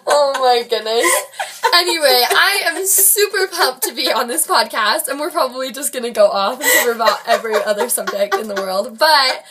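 A woman's voice: high voice, fairly quick, few pauses, noisy background. A young woman with a slight Midwestern American accent, chatting bubbly and giggly as a podcast cohost. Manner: bubbly, giggly, lots of fillers. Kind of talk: casual podcast chat.

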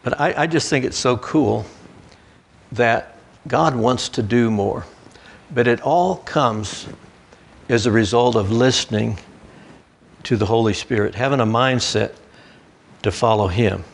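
A middle-aged man preaching a sermon in a church, telling stories with lots of restarts and lively quoted voices. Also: mid-range voice, unhurried, creaky, long pauses.

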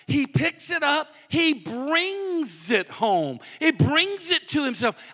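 A man preaching a sermon in a lively, animated way, dropping to hushed emphasis at times. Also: very high-pitched, slow, hardly any pauses. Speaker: pastor. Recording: long hall reverb.

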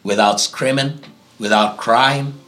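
A man's voice: mid-range voice, slow, a bit bright. A man from Africa, a pastor answering interview questions in a preaching tone, emphatic and fond of repeating key phrases. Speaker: guest pastor.

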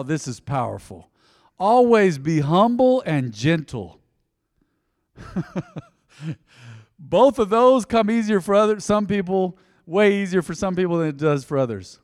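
A man in his forties preaching a sermon to his congregation, folksy and direct, swinging between loud emphasis and quiet intensity. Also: fairly high pitch. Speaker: pastor. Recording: long hall reverb.

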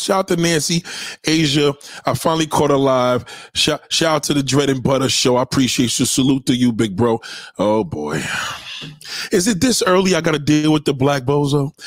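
Profane, lively-voiced man ranting on a livestream. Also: fairly high pitch, dry recording, clean studio sound. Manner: profane, confrontational, shout-outs to viewers. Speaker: livestream host. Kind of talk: casual livestream rant.

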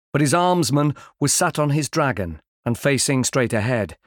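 A male audiobook narrator with a mid-range voice, reading fantasy prose in a measured, even, well-enunciated delivery. The sound is close-miked and very dry, with no trace of room. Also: medium pitch, dry recording. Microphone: close studio mic.

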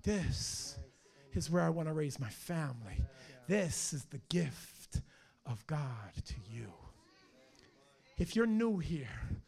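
A man preaching a fiery sermon as pastor, swinging from hushed lines to shouted ones. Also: on the high side, very animated, slow pace, vocal fry.

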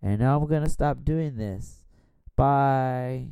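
Very mellow, tipsy podcast host. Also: male voice, mid-range voice, moderate pace, no room sound. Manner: rambling and profane. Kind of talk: casual chat. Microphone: borrowed studio microphone.

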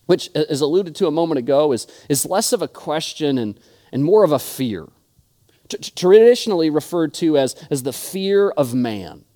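Preaching at normal speed, a young man who is a pastor uses an expressive, mellow voice that sits somewhat high. He tells stories earnestly and repeatedly restarts his words.

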